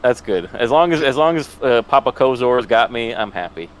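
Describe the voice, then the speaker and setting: A man's voice: mid-range voice, lively intonation, normal speed, smooth. Rambling, laughing man telling stories. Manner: rambling, self-mocking, laughs a lot. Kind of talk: casual storytelling chat.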